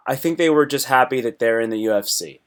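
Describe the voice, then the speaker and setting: A man hosting a live stream, recapping fights in loose, excitable chat that jumps from topic to topic and breaks into sudden loud yelps. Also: medium pitch, fast talker, clear, resonant tone.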